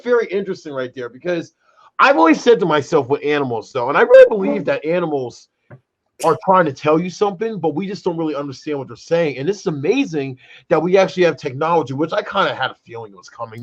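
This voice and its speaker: A man co-hosting a casual chat show, animated and rambling, leaning on fillers like "though" and "brother". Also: a little high. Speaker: co-host. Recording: dull lo-fi sound.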